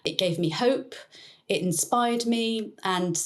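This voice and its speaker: A woman guest in an interview, telling her personal story in an earnest, reflective way with soft laughs now and then. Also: lowish voice, a little slow. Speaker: interview guest, neuroplasticity coach.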